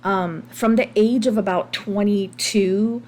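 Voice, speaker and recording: A woman's voice: medium pitch, fairly even intonation, slow pace, a little mellow. An American woman in her thirties hosting a podcast, speaking openly and confessionally about her own past, with frequent ums and restarts. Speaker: podcast host. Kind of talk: candid personal monologue.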